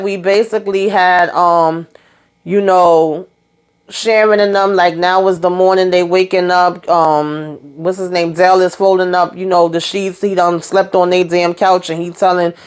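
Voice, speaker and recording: This is a woman recapping a TV episode in a loose, conversational way. Her voice sits a little low, and she piles on fillers and mild swear words. She keeps slipping into the characters' lines as she retells the scenes. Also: steady tone, a little slow, clear, resonant tone. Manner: chatty, colloquial, lots of fillers and mild cursing. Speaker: TV recap vlogger.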